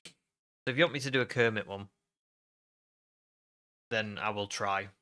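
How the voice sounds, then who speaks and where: A man's voice: on the low side, moderate pace, sharp tone. A man streaming a game live, chatting casually and joking at his own expense. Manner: self-deprecating, chatty.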